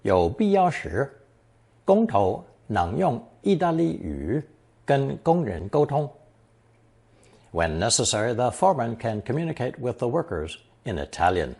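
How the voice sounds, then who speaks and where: A man's voice: medium pitch, very animated, unhurried, vocal fry, darkish tone, slightly rough. A man narrating a recorded Chinese lesson, reading example sentences and then translating each into English. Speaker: language teacher.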